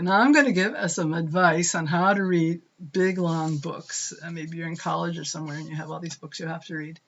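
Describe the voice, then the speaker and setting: Gravelly-voiced woman reviewing books, hesitant. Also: on the low side. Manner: hesitant, many "uh" fillers and restarts. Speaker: book reviewer. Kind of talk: casual spoken book review. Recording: dull lo-fi sound.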